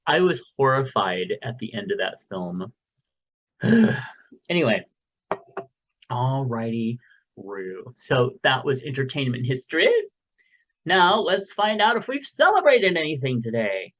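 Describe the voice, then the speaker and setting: Brief: male podcast host, animated pitch, unhurried delivery, muffled lo-fi home mic. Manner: rambling, jokey, lots of fillers. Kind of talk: casual chat. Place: home recording room, window open.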